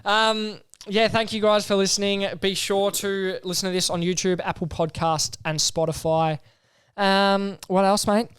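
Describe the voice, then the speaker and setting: A man's voice: high-pitched, level tone, unhurried, a bit bright, smooth, dry recording. A young Australian man co-hosting a podcast in casual chat, laid-back and teasing, reading out lists matter-of-factly. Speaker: podcast co-host.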